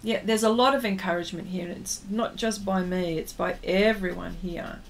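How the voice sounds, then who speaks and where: A woman talks viewers through her painting in an easy, unscripted livestream chat. Her voice sits at a middling pitch. She drifts between explaining her strokes and trailing off into fillers while she works. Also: fairly even intonation, normal speed, vocal fry, a little hiss or hum. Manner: chatty, reads viewer comments aloud and answers them. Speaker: artist hosting a livestream.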